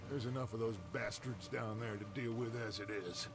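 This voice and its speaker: An actor playing a stern, commanding middle-aged gang leader, giving low, measured orders in a video game scene. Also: male voice, creaky. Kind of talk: video game cutscene acting. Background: game score music.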